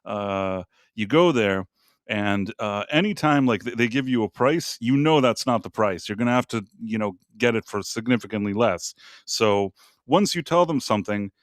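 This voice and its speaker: A man's voice: lowish voice, expressive, normal speed, no room sound, studio quality. Rambling man telling a travel story. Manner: rambling storyteller with many restarts. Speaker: co-host. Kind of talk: casual podcast chat.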